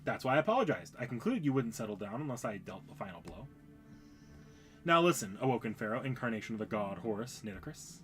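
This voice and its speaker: A man reading the lines of an earnest, loyal young knight from a game in a calm, formal way. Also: medium pitch, quick pace, husky, faint music behind, voice pushed down. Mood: firm.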